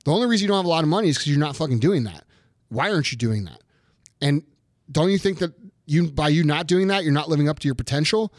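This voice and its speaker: A man's voice: fairly high pitch, lively intonation, fast talker, no echo, clean studio sound. A man in his thirties ranting in casual chat, swearing heavily and talking with heat. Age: 30s. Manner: profane, heated ranting.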